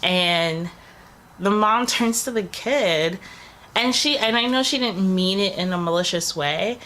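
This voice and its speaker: A woman's voice: mid-range voice, measured pace, a bit bright. A young woman vlogging about travel, getting over a cold, chatting and rambling with lots of fillers. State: recovering from a cold, coughing. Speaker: travel vlogger, channel co-host. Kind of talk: casual storytelling to camera. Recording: faint background noise.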